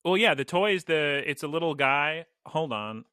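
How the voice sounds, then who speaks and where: Bright, animated male podcast host. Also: a little high, normal speed, clear, resonant tone, no echo, studio quality. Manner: animated, laughing storyteller. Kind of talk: casual podcast chat.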